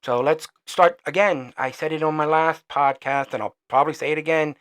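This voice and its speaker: A man hosting his own podcast, speaking in a heated, profane and rambling rant, and he gets quieter as he signs off. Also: on the high side, normal speed. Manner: trails off quieter when signing off. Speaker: podcast host. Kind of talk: solo opinion rant.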